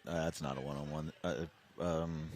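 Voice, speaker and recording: Brief: low-pitched male color commentator, steady and analytical, faint outdoor noise. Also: normal speed. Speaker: paintball commentator. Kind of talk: live sports commentary. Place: outdoors at a paintball field.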